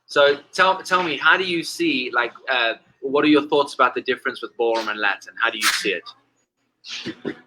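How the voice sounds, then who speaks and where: A man hosting a casual interview, firing off quick quiz-style questions. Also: medium pitch, noisy background. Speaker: podcast host.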